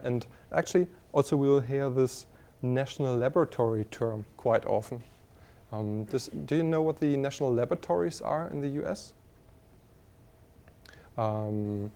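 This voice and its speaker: Lecturing at a university in a warm, mid-range voice, this German-accented man speaks haltingly, full of fillers and restarts. He regularly stops to ask the students questions.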